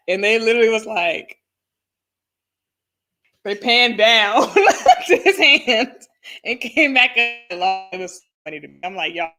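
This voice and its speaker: A woman co-hosting a casual reality TV recap, chatty and quick to laugh. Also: on the high side, fairly bright tone. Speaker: podcast co-host.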